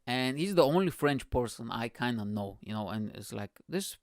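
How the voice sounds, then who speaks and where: A young man hosting a comedy podcast, telling a story in an energetic, profane, rambling way. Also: mid-range voice, moderate pace, dry recording, studio quality. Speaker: podcast host. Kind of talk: casual comedic podcast monologue.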